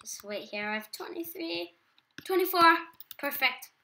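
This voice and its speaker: A woman's voice: extremely high pitch, expressive, a little slow, vocal fry, bright, forceful tone, slight background noise. A teenage girl with an English accent chatting casually while playing a video game, self-deprecating and talkative. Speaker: gaming YouTuber. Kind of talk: casual gameplay commentary.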